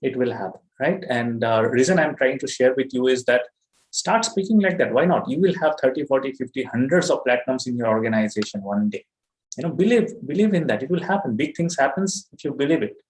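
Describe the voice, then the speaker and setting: A man's voice: medium pitch, expressive, brisk. A middle-aged man with an Indian accent giving an earnest, emphatic motivational talk to his business team, often saying "you know". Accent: Indian English. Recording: roomy echo.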